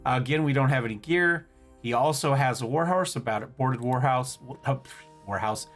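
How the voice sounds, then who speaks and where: A man's voice: mid-range voice, normal speed. Man, gaming host, casual let's-play commentary, thinks aloud, trips over syllables, mid-range voice, faint music behind.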